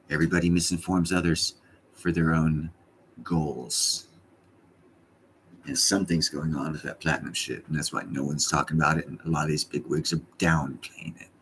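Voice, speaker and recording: Low-voiced man rambling on a live stream. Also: vocal fry, bright, forceful tone, a little hiss or hum. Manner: rambling, profane, blunt. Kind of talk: casual live stream chat.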